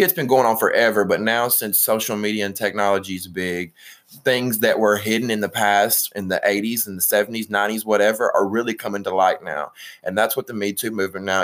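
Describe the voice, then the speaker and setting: A man's voice: lowish voice, a bit bright. A young man from Alabama hosting a podcast in casual chat, opinionated, swearing and trailing off mid-sentence. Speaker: podcast host.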